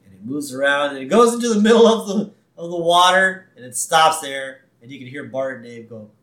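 A man co-hosting a podcast, recapping a cartoon episode in an animated, laughing way. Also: a little high, a little fast. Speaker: podcast co-host. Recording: roomy echo.

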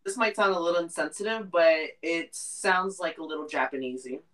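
A woman in a casual podcast chat who phrases her remarks in a careful, measured way. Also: fairly low pitch, animated, fairly bright tone, distant mic.

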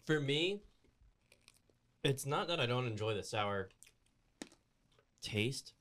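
A man's voice: mid-range voice, lively intonation, slow, fairly bright tone. A man co-hosting a casual taste test over a video call, laid-back and swearing casually. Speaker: co-host. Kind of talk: casual chat.

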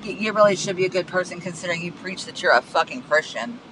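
A man's voice: high-pitched, animated, fast talker, pushed and bright, slight background noise, rough recording. A man hosting a podcast, venting in a heated, profane monologue from his car and repeating himself as he goes. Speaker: podcast host.

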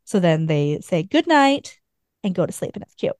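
A woman co-host rambles through a casual book recap, peppering her retelling with filler words. Her voice sits a little low and sounds mellow and relaxed. The recording is close and dry, with no room sound. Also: normal speed, no room sound. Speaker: podcast co-host.

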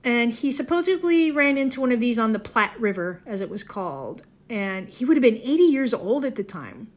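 A woman's voice: fairly high pitch, big pitch swings, moderate pace. A woman from the Ozarks, chatting casually in a digressive monologue and correcting herself as she goes. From Southwest Missouri, Ozarks. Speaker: folklore podcaster.

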